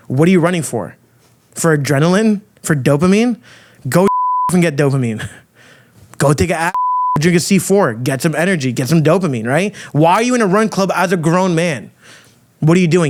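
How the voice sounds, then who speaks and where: A man hosting a podcast, delivering a loud, crude, provocative rant full of swearing. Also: on the high side, a little hiss or hum. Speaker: podcast host. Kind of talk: ranting monologue.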